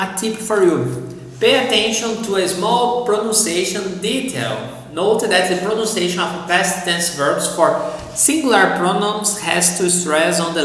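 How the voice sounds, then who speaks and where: Brazilian-accented man, language teacher, unhurried, patient, very echoey room, long reverb. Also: sits high, fairly bright tone. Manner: patient, repeats words slowly for practice. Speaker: Portuguese teacher. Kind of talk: online language lesson.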